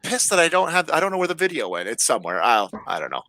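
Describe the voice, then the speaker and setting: Guy on a podcast telling a wild story, bright voice, pitch all over the place. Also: fast talker, no room sound, rough recording. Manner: animated storytelling, laughs often. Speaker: podcast co-host. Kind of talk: casual chat.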